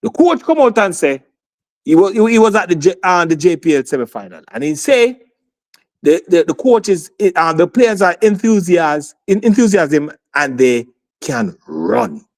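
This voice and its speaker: A man's voice: sits high, big pitch swings, normal speed. A man arguing heatedly on a sports talk show, insisting and repeating his points. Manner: insistent, repeats himself, talks over others.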